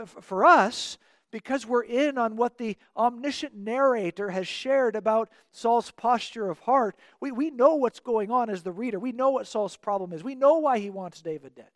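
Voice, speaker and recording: A man's voice: very high-pitched, dry recording, clean studio sound. A man teaching a Bible passage verse by verse in an earnest, explanatory way, acting out the quoted dialogue.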